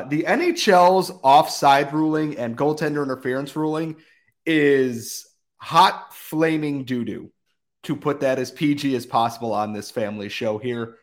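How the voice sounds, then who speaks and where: A man with a cold talks in a loose, chatty podcast style. He reads the sponsor spots and then rants in an exasperated way. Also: medium pitch. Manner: exasperated ranting. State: has a cold. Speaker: podcast host. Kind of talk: casual sports podcast chat and read ads.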